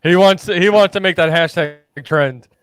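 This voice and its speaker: A man co-hosting a casual podcast chat, with a smooth, clean voice pitched a little high. He laughs often while he tells his stories, and the sound is dry and close. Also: normal speed, a bit bright, no echo. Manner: laughing, storytelling. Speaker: podcast co-host.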